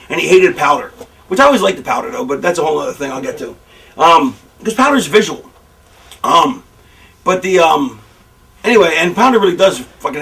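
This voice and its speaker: In a shoot interview, a man with a high-pitched voice explains wrestling booking in a casual storytelling style, cursing freely and animatedly acting out how fans reacted. The mic is distant and the recording is low quality.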